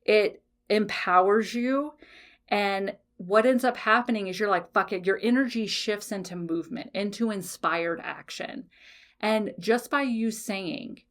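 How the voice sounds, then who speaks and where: A woman's voice: medium pitch, unhurried, a bit bright. A woman hosting a podcast, talking bluntly and emphatically, swearing freely and checking in with "okay?". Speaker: podcast host. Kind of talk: casual motivational podcast talk.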